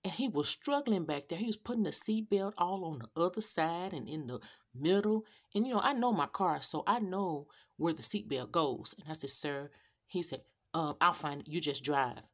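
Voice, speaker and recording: A middle-aged woman, a rideshare driver, telling a story to her viewers in an animated, sassy rant. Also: lowish voice, normal speed. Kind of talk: casual storytelling rant to camera.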